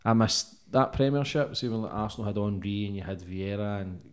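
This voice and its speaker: A man's voice: on the low side, fairly quick. A man hosting a podcast, asking questions casually and swearing freely. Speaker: podcast host.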